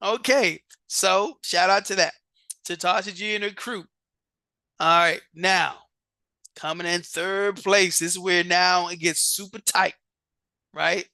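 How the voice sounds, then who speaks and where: A show host reads out vote results on a live stream in a slow, drawn-out way. The voice is bright and forward, with repeated words and restarts, and the sound is dry and close. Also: mid-range voice, fairly even intonation, no room sound. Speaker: competition coach and show host.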